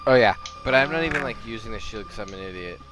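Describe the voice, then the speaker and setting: A man's voice: medium pitch, lively intonation, quick pace, music in the background, rough recording. A man playing in an online tabletop game, talking casually and swearing freely. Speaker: player.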